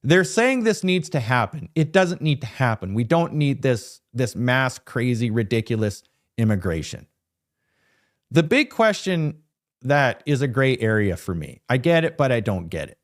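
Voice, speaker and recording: A man's voice: mid-range voice, very animated, normal speed. A man hosting political commentary, talking emphatically in a ranting, sarcastic way. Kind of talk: opinionated news commentary.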